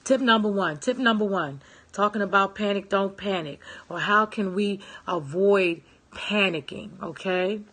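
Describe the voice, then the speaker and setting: A woman's voice: medium pitch, unhurried, fairly bright tone, breathy edge. A woman giving a casual motivational talk, stressing and repeating her points and checking in with her listeners. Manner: emphatic, repeats phrases, checks in with "okay?" and "right?"; greets live viewers. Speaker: self-help speaker.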